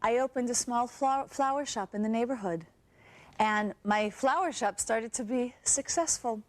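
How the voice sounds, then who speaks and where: A young actress performing a theatrical monologue as a woman recounting her abusive relationship, halting and wistful. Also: a little high, no room sound, natural voice. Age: young adult. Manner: halting, wistful, with nervous laughs and sighs.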